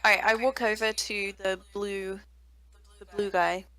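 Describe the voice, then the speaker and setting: A woman's voice: mid-range voice, flat delivery, a little slow, a crowd in the background. A woman playing a tabletop game, hesitant and full of questions. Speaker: player. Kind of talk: tabletop role-play.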